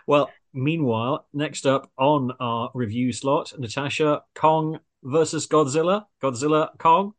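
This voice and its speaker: A man's voice: fairly high pitch, measured pace, few pauses. Chatty man hosting a film review slot. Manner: teasing, chatty presenter. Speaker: radio show host. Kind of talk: casual chat.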